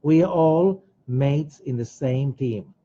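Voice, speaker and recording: Husky man teaching emphatically. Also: a little high, slow pace, dark tone. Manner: emphatic, repeats phrases, acts out quoted voices. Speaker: Kabbalah teacher. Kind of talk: teaching a weekly study class. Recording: dull lo-fi recording.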